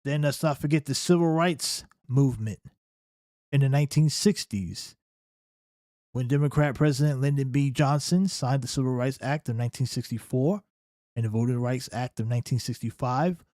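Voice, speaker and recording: A man's voice: medium pitch, moderate pace, darkish tone, no room sound, studio quality. A man hosting a political reaction commentary, talking emphatically and often checking in with "right?". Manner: emphatic, keeps asking "right?".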